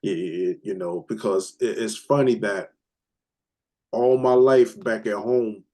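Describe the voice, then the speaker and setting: A man's voice: fairly low pitch, measured pace, dark tone. An American man, a hip hop producer, chatting casually as a guest, laid-back, swearing freely and stumbling over restarts. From United States. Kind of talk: casual interview chat. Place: lives abroad, remote call.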